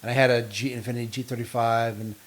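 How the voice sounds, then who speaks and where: A man chatting casually on a podcast as a co-host. He spins long, lively stories and acts out the other people in them with quoted lines. His voice sits at an ordinary middle pitch. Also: fast. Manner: long animated anecdotes with quoted dialogue. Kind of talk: casual chat.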